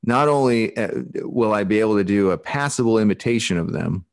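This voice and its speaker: A man's voice: lowish voice, lively intonation, brisk, gravelly, dry recording, studio quality. A man from Alaska with a Pacific Northwest accent, hosting a podcast over a video call in a rambling, casual way, with lots of restarts. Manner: rambling, with many restarts and easy laughs. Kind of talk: casual chat.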